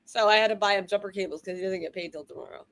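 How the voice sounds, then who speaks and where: A woman's voice: medium pitch, racing, a bit bright. A woman from Florida hosting a livestream, chatting in a rambling, casual way. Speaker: livestream host. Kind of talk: casual chat.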